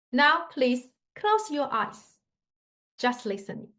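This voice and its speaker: On a muffled recording, a woman with a fairly high, slightly bright voice and big pitch swings teaches Mandarin tones. Patient and demonstrative, she talks slowly in English with non-native grammar.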